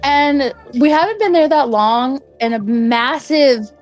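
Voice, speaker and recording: A woman's voice: high voice, slow, faint music behind. A young woman casually telling a personal story, chatty and full of "like" fillers. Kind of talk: casual spoken anecdote.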